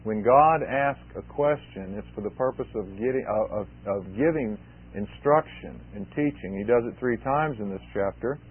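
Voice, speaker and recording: A man's voice: medium pitch, moderate pace, slightly rough. Emphatic male preacher, tinny sound. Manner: emphatic, repeats key phrases. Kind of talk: expository sermon. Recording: tinny phone-like sermon recording.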